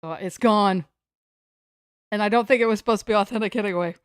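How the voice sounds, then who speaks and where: An American woman livestreams from home, seated on the floor, chatting in a rambling, playful way and poking fun at herself. She talks fairly quickly in a clean, mid-range voice, and the recording is dry with studio-clean sound.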